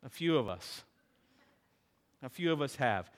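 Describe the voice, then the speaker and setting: A man's voice: medium pitch, a little slow. A middle-aged man preaching a sermon, talking to the congregation, asking them questions and telling stories. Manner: animated preaching with audience call-outs and storytelling. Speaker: pastor.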